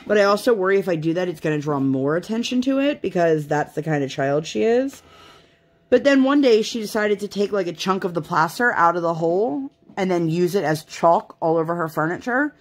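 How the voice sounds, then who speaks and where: A woman's voice: fairly low pitch, expressive, brisk. A young woman, a mother, chatting casually to her vlog viewers in a rambling, self-deprecating way. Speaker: craft vlogger and mother. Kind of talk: casual chat to camera.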